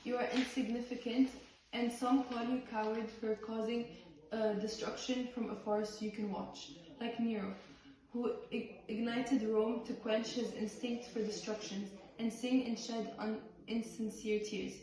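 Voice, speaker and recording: A woman performing a play by reading the script aloud in a halting way, with restarts on some words. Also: a little high, level tone, mellow. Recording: far-off voice in a very echoey room.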